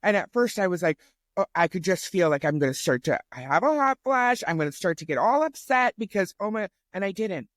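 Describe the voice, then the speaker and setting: A woman's voice: on the low side, brisk, no echo. Chatty woman in her fifties, dry sound. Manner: animated, chatty, with many restarts. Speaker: podcast guest. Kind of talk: casual storytelling conversation.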